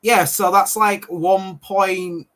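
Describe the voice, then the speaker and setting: Casual male streamer, unhurried, bright tone, rambling. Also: sits high, steady tone. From Britain. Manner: rambling, full of ums, giggly asides. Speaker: livestream host. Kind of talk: casual livestream chat.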